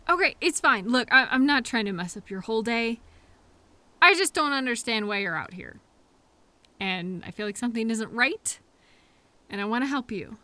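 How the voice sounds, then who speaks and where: A woman's voice: fairly high pitch, sharp tone. A young woman performing a scripted audio role-play as a coworker who finds the listener in a blizzard, fussy and scolding, then apologetic, with quirky mild exclamations.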